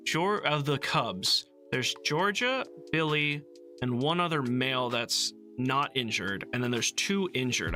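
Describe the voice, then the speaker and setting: A man with a bright, forward voice talks through a book in a relaxed livestream chat, often pausing on ums and restarting his sentences. He sounds amused by what he is recapping. Soft music plays faintly behind him. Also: medium pitch. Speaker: book club host. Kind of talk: casual book discussion on a livestream.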